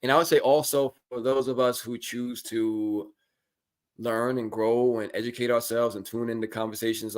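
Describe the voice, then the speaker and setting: A man with a mid-range voice co-hosts a relaxed conversation about money and mindset. He talks casually and often slips into exaggerated voices to act out the people he quotes. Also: mid-range voice. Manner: animated storytelling, acts out quotes in exaggerated voices. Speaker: podcast co-host.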